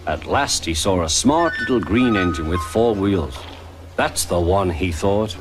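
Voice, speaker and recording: A man telling a children's story in a gentle, clear voice, his pitch moving lively through each sentence. Music plays behind the narration. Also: a little slow. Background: background music.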